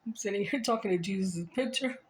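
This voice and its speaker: A woman's voice: medium pitch, fast talker. A woman vlogger talking casually to the camera, joking and rambling and chuckling at herself.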